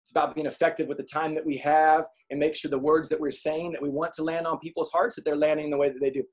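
A man giving a motivational talk to an audience, telling comic stories and acting out quotes in an animated way. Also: fairly high pitch, fast talker. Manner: animated storyteller, acts out quotes. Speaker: speaker.

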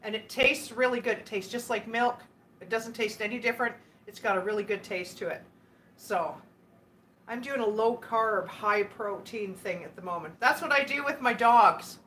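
A woman's voice: a little high, moderate pace, a bit bright, slight background noise. A woman hosting a casual live stream, chatting and giggling as she answers viewer comments. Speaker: livestream host.

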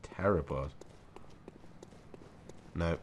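Deep-voiced gamer talking to himself. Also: male voice, extremely slow. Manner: chatty, talks to himself while playing, mild swearing. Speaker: let's play gamer. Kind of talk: live gameplay commentary.

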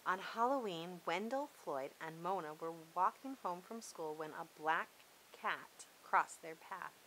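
Bright-voiced woman reading a children's story. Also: fairly low pitch, a little slow, slight background noise, poor audio. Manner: expressive, lively read-aloud. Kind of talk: children's storybook read-aloud.

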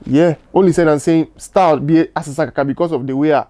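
A man's voice: fairly high pitch, steady tone, fairly quick, mellow. A young Ghanaian man, a musician guest, telling stories in a casual interview and stumbling over many restarts. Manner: mixes Twi, Pidgin and English, many restarts.

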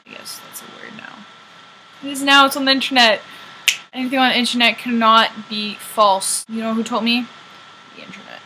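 A woman's voice: on the high side, fairly even intonation, a little fast, background noise. A Canadian woman vlogging to camera as a singer-songwriter, rambling through opinionated, joking asides in casual chat.

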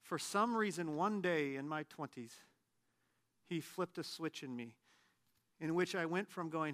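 A man in his late thirties, a pastor giving a conversational sermon with animated, self-deprecating humor. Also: fairly high pitch, moderate pace. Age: late 30s.

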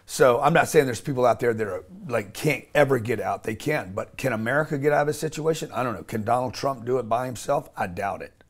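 A man's voice: mid-range voice, fairly quick, husky. A man speaking as an interview guest, blunt and emphatic, often restarting and swearing casually.

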